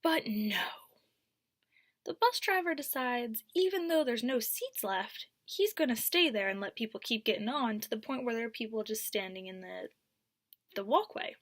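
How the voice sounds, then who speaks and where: A young woman telling a storytime vlog, animated, dropping to whispers and then rising to loud bursts. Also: fairly high pitch, moderate pace, dry recording, clean studio sound. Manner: animated, swings from whispers to near-shouts. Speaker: vlogger.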